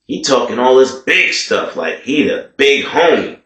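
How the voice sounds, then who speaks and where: A man's voice: medium pitch, very animated, a little slow, a bit bright. Slangy man telling a story, echoey room. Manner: slangy, drawled, addresses listeners as y'all. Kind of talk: casual storytime narration.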